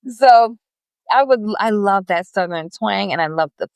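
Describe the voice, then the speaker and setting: A woman's voice: medium pitch, animated, unhurried, creaky, smooth, no room sound. Woman, podcast guest, casual chat, rambling, dry sound. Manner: chatty, warm, rambling with restarts. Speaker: podcast guest, business founder.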